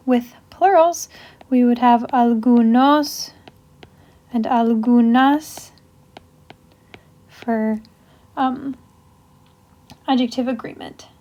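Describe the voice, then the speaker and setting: A woman's voice: on the high side, very slow, long pauses, mellow. A young woman teaching a casual grammar lesson, explaining step by step with example sentences and frequent ums. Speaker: language teacher. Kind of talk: casual classroom lecture.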